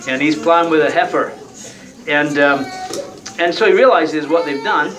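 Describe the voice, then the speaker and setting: A man's voice: a little high, normal speed, fairly bright tone, recorded from a distance, poor audio. A man preaching a sermon in a conversational, folksy way, often tagging his points with rhetorical questions.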